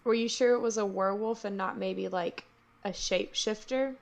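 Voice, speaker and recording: A woman players in a tabletop game speaks in an earnest, chatty way. Her voice sits at a middling pitch. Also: moderate pace.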